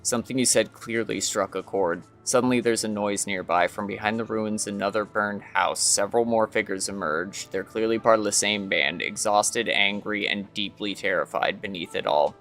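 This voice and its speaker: A man's voice: on the low side, normal speed, hardly any pauses, a bit bright, faint music behind. A man streaming a game, reading its story text aloud with hesitant fillers.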